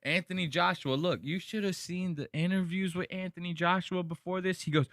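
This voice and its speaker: A man hosting a podcast, chatting casually and crudely as he reacts to fight clips and mocks the fighters with quick impressions. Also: high-pitched, no room sound, studio quality. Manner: crude, animated, mocking impressions. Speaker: podcast host.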